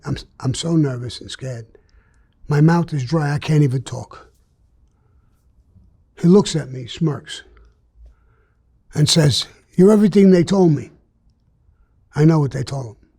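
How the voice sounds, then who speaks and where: Older new guy, gravelly, kinda high voice, blunt street storytelling, acts out who said what. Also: dark tone. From New York. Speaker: interviewee. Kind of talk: telling a story in an interview.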